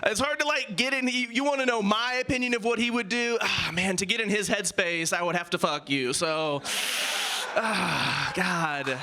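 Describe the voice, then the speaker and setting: Working off audience suggestions, a high-pitched male comic improvises his stand-up. He trades quick, self-deprecating riffs with the crowd.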